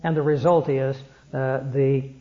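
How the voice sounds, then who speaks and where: A man preaching a sermon in an earnest way, slowing down to stress his points. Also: medium pitch, flat delivery. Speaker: pastor. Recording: dull lo-fi sermon recording.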